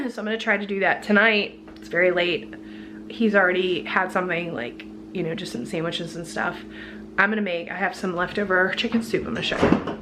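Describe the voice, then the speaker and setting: A woman's voice: lowish voice, fairly quick, noisy background. A woman chatting casually through her grocery haul at home, chatty and worn out from being sick. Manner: chatty, lively price rundown, frequent laughs. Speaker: vlogger.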